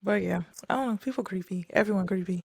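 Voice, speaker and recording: A woman's voice: medium pitch, quick pace, creaky, darkish tone, breathy edge. A young adult woman from the States, co-hosting a podcast in blunt, laid-back casual chat full of slang. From southern Virginia, US. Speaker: podcast co-host.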